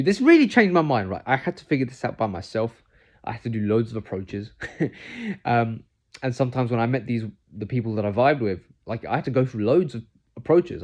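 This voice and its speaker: A man's voice: mid-range voice, a little mellow. A young man gives casual, earnest dating advice to camera. He says "man" and "like" a lot and gets heated when he rants. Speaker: vlogger giving dating advice.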